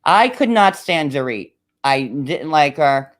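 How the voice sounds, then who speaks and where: A man's voice: a little high, expressive, slow, fairly bright tone. A man hosting a casual chat, rambling with lots of fillers, with a New York area accent. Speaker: host.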